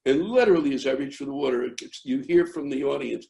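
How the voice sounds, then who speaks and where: An older American man, a comedian, tells a rambling story that keeps restarting and builds into yelling. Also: mid-range voice, fast talker, vocal fry, few pauses, rough recording. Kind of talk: storytelling interview.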